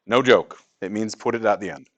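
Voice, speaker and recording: A man's voice: on the low side, brisk. A male math teacher teaching a class in a classroom, joking with students and asking rhetorical questions.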